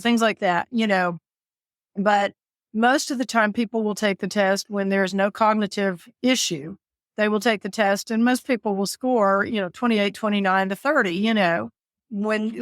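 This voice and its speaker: Speaking as an interview guest, a caregiver and author from the American South recounts a story with animated drama, jumping into sudden high voices when she quotes herself. The recording is dry and studio quality.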